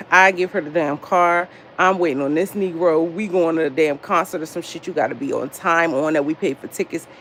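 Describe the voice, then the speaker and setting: A woman in her thirties hosting a casual livestream, telling stories with lots of profanity and talking straight to her chat, her pitch jumping as she gets into it. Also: a little hiss or hum. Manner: lively storytelling, frequent jumps in pitch. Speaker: livestream host.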